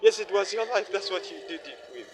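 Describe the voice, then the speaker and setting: A man's voice: high voice, quick pace, very noisy. A weary young man pouring out his feelings in a heartfelt, repetitive personal vlog monologue. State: weary, worn down. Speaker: vlogger.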